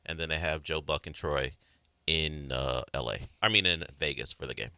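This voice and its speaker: Really deep voiced radio guy, sharp tone, defensive, hesitating, dry studio mic. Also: moderate pace, clean tone, no echo. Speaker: sports radio co-host. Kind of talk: casual sports radio chat.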